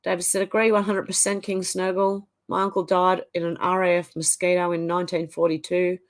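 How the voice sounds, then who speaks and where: With a low-leaning, level tone and a slightly fast pace, this Australian woman runs a livestream. She reads viewers' comments out loud and responds to them in a relaxed, chatty manner.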